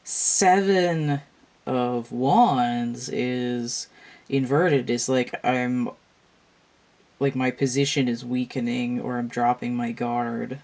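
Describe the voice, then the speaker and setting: A woman's voice: very deep voice, fairly even intonation, slow pace, a little mellow. A tired, yawning woman reading tarot cards to a camera at home, musing aloud and meandering with restarts in a casual monologue. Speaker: tarot reader.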